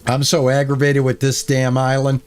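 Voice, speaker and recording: A man's voice: mid-range voice, monotone, moderate pace, smooth. A man streaming a game, chatting with his viewers and easily exasperated as he plays. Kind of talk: casual gameplay commentary.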